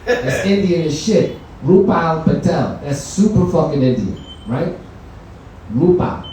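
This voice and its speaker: Profane stand-up comic in an echoey room. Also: male voice, a little high, animated, measured pace, mellow, distant mic, a little hiss or hum. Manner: profane, loose conversational storytelling. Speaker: stand-up comedian. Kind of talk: stand-up comedy set. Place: comedy venue lounge, indoors.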